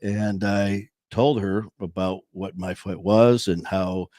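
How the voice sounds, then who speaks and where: A man's voice: sits low, fairly even intonation, slow pace, mellow, dry recording, studio quality. A man hosting a podcast, talking casually in a rambling way with many fillers and restarts. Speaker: podcast host. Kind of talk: casual monologue.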